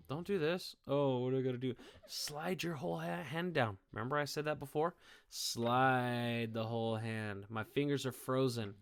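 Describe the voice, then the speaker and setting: A man's voice: mid-range voice, smooth. A male music teacher giving a guitar lesson to his students. He keeps asking "okay?" and "all right?" and cheers them on. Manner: encouraging, checks in with "okay?" and "all right?" often. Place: indoors, playing guitar.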